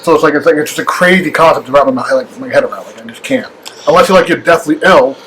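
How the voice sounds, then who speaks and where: A man's voice: a little high, a bit bright, slight background noise, poor audio. A man co-hosting a podcast in casual chat, ranting in an exasperated way full of fillers. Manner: fast, filler-heavy, exasperated rants. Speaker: podcast co-host.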